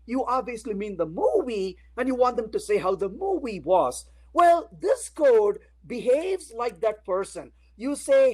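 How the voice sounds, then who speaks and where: Lively man giving a coding talk. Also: very high voice, normal speed, few pauses, rough recording. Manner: playful, tells everyday anecdotes, many "uh, you know" fillers; addresses the audience directly with questions. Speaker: conference speaker. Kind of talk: technical conference talk with live coding.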